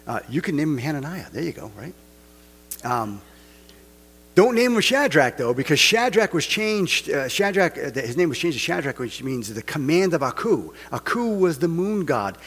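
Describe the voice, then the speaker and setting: A man's voice: a little high, big pitch swings, normal speed, a bit bright, slightly rough, long reverb tail. A man preaching a casual sermon, full of rhetorical questions and joking asides. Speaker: pastor.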